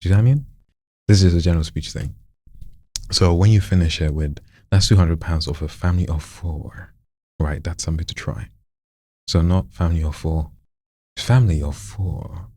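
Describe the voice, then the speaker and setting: Animated deep-voiced coach. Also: male voice, a little fast, dry recording, clean studio sound. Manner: animated, demonstrative, swooping up and down. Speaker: voice acting coach. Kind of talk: casual coaching session.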